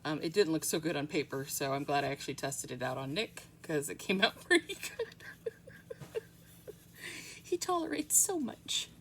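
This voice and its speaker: A rambling, chatty woman with a somewhat low voice talks her way through a home tutorial, full of ums. A faint hum of background noise sits under her. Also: very animated, moderate pace, a bit bright. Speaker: nail art tutorial host. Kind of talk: casual tutorial chat.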